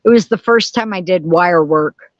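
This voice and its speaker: A woman's voice: on the low side, normal speed, dry recording, lo-fi sound. A woman hosting a casual live stream from home, chatting and greeting viewers by name. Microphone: camera on tripod.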